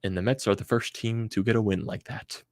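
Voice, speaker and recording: A man's voice: lowish voice, fairly even intonation, a little fast, darkish tone, dry recording, clean studio sound. A young man hosting a fan reaction vlog, ranting in exasperation with stammers and sighs. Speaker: sports channel host.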